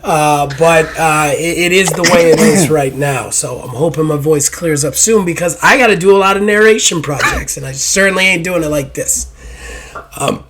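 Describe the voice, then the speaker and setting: A hoarse man hosting a gaming podcast, rambling and self-deprecating in casual chat, swearing now and then. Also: a little high, moderate pace, background noise. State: hoarse after illness. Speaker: podcast host.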